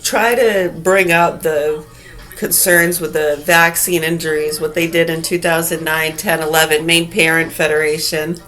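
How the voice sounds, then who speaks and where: A mother ranting angrily to camera in a vlog, cursing heavily and swinging between low muttering and shouted outbursts. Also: fairly even intonation, measured pace, faint music behind, poor audio. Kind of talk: angry profane rant vlog.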